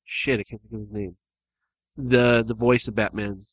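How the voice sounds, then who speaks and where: A man's voice: fairly low pitch, level tone, normal speed, breathy edge, no room sound, low-quality recording. A young man hosting a podcast, easygoing and enthusiastic in casual chat. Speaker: podcast host.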